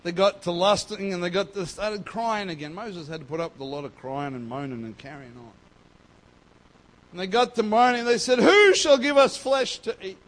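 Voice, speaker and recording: A man giving a sermon as pastor, emphatic and swinging between loud and soft. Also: sits high, expressive, normal speed.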